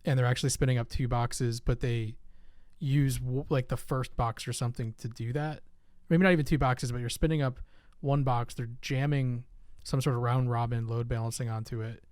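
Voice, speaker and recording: A man talking through software design with a partner on a live stream, thinking aloud in a casual, drawn-out way. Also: mid-range voice, fairly even intonation, clean tone, no room sound, clean studio sound.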